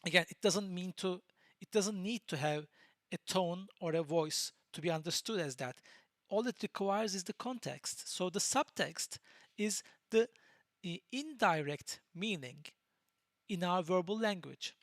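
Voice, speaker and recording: Patient lecturer. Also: male voice, sits high, lively intonation, fairly bright tone, dry recording, clean studio sound. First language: Turkish. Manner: patient, explanatory, pauses to search for words. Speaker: university lecturer. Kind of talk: recorded lecture.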